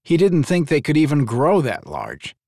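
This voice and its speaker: Lively male audiobook narrator. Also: fairly high pitch, moderate pace, vocal fry, breathy edge, dry recording, clean studio sound. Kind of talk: scripted narration.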